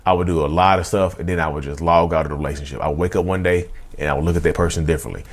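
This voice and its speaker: A man in his thirties telling his own story straight to viewers, who keeps saying "y'all" and "you know" and acts out his old outbursts in a loud, raised voice. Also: very fast. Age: 30s. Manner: animated, acts out past outbursts in a loud high voice. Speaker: vlogger. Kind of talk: confessional storytelling.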